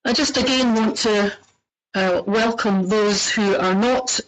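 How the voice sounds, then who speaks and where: A woman with a Scottish accent, leading a webinar as executive director, speaking in a friendly but halting way with many fillers over a poor computer microphone. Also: mid-range voice. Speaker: executive director of a parks network. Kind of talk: webinar presentation. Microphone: computer microphone on a web call.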